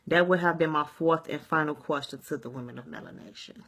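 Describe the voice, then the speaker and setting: Bright-voiced woman ranting on a home vlog. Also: sits low, brisk. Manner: rambling and repetitive, keeps saying "you see what I'm saying", swears freely. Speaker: vlogger. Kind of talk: casual vlog rant. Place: at home at day's end, sage and candles burning.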